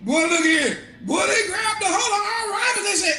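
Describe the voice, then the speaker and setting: A man preaching a street sermon, impassioned, often shouting and laughing as he swings between high and low. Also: expressive, normal speed, reverberant.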